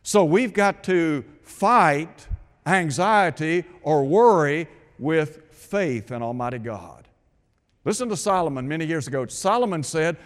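A man delivers a radio sermon, posing rhetorical questions and repeating his points for emphasis. His voice is a little high and animated, his pace unhurried, and the recording carries a long hall reverb.

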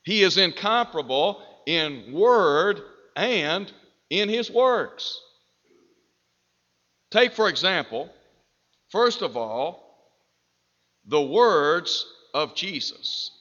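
Slow, bright-voiced preacher in a hall. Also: male voice, high-pitched, lively intonation. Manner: slow, deliberate preaching with emphatic rises. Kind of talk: sermon. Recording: dull reverberant hall.

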